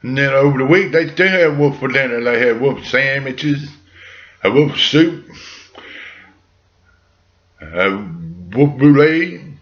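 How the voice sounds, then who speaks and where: A man's voice: medium pitch, normal speed, lo-fi sound. A man ad-libbing a bedtime story in a folksy, rambling way full of jokey asides.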